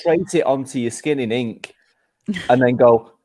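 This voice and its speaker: A man explains his point step by step in a dry, deadpan manner during a podcast chat. His voice is mid-pitched. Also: a little fast. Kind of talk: casual group chat.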